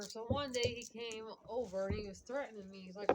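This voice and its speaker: Woman, casual rambling story, fillers like "like" and "whatever", fairly high voice, loud clicking behind. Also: brisk, few pauses. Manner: rambling, full of "like" and "whatever", retelling arguments in quoted voices. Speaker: vlogger. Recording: loud background clicking noise.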